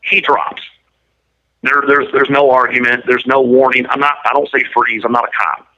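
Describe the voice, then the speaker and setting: Guy telling his story flat and blunt, sharp edgy voice, muffled prison phone line. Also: medium pitch, moderate pace. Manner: blunt, matter-of-fact, detailed. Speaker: interviewee.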